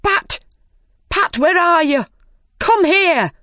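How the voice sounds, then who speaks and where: Woman playing the White Rabbit, high and shouting. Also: big pitch swings, slow, no room sound, clean studio sound. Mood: shouting, impatient. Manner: bossy, shouting orders. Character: fussy bossy male White Rabbit.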